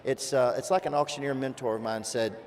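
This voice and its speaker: A man from Virginia with a softened Southern accent, hosting a casual panel discussion and telling folksy stories with lively asides. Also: medium pitch, a little fast. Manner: folksy storyteller, animated asides.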